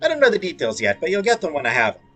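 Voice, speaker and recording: Reading a video game's dialogue in character voices, a man fires off playful, jokey asides between the lines. His voice is on the high side and a bit bright, with wildly swooping pitch and a very fast pace.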